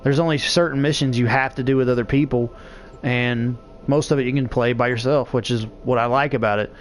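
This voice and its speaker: A man's voice: medium pitch, fairly even intonation, fairly quick, slight background noise. A middle-aged man chatting casually while playing a game, rambling and swearing freely with frequent laughs. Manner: rambling, profane, laughs often. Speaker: gaming vlogger. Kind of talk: casual gameplay chat.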